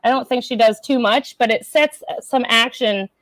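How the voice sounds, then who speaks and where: A woman's voice: a little high, normal speed, no echo, poor audio. Chatty woman directing a play reading. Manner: chatty, laughs often, bossy cues. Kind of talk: casual chat, explaining a scene.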